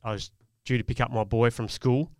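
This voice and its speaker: A man's voice: mid-range voice, steady tone, brisk, a little mellow, no room sound, studio quality. A man, telling a personal parenting story in an earnest, reflective way on a casual podcast. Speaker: podcast co-host. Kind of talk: casual chat.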